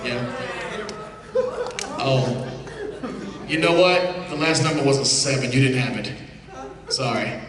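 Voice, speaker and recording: A man's voice: mid-range voice, animated, slow, long pauses. A man working as a stage hypnotist, giving brash, commanding, teasing patter to volunteers in a live comedy show. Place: large hall with audience. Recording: echoey hall recorded from far off. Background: crowd noise.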